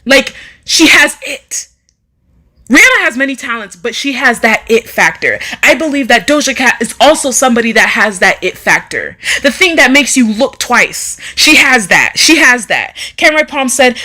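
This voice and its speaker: A woman chats casually on a live stream and reads out viewer comments. Her high voice swings up and down with lively, emphatic delivery. She often repeats phrases to drive a point home. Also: moderate pace. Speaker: livestream host.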